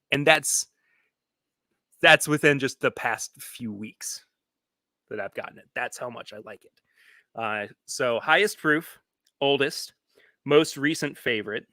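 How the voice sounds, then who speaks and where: A man's voice: medium pitch, pushed and bright, no echo. A man hosting a casual live stream from his home studio, rambling, restarting his sentences and reading viewer comments aloud. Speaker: podcast host.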